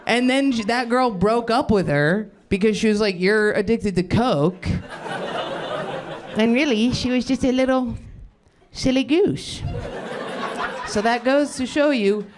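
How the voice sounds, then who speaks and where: A man's voice: extremely high pitch, normal speed, hardly any pauses, background noise. A sleep-deprived man doing a rambling, self-deprecating stand-up set with crude stories. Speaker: stand-up comedian. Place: comedy club stage.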